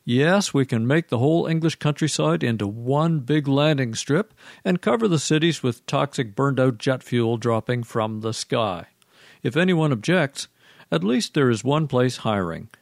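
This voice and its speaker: A man's voice: medium pitch, animated, normal speed, gravelly, no echo, clean studio sound. Sarcastic male radio host. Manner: sarcastic, mocking delivery. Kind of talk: scripted radio commentary.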